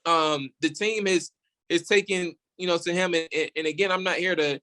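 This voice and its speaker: A guest on a sports radio show, this podcast host speaks at normal speed in a voice slightly high for a man. Speaking from the studio, he's lively and opinionated in a casual discussion, repeating words and restarting as he works through his argument.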